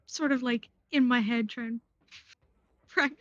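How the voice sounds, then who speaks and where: A woman's voice: on the high side, fairly even intonation, takes it slowly, a bit bright, no room sound. Giggly woman player on a dull mic. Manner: giggly, chatty. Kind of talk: casual tabletop play. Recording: dull dry home mic.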